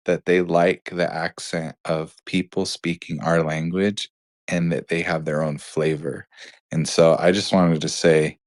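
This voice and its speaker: Very low, dry-voiced American man, rambling, warm feedback. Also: dry recording. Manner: warm, rambling, uses food comparison.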